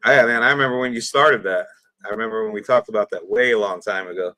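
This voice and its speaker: A man with a fairly low voice hosts a casual livestream and asks viewers for questions. He sounds friendly and easygoing, poking fun at himself now and then. The sound is dry and close. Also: fast, sharp tone, no room sound. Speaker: livestream host.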